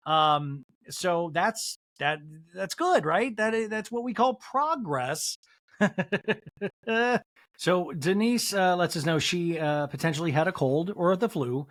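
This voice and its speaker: A man's voice: high voice, slow pace, fairly bright tone, no room sound, studio quality. A man hosting a podcast, recapping reality TV with snarky, joking asides. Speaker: podcast host. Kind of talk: comedic TV recap.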